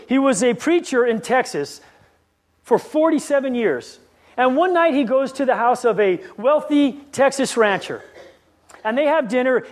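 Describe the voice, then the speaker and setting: A man preaching a sermon, pressing the listeners with repeated rhetorical questions and telling a story. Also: high voice.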